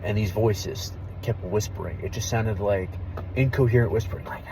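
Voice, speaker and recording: A young man, an army veteran, telling a story casually and candidly, with plenty of swearing and a hushed drop in voice at the tense parts. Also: fairly low pitch, moderate pace, background noise. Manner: candid, profane, drops to a hush for tense moments.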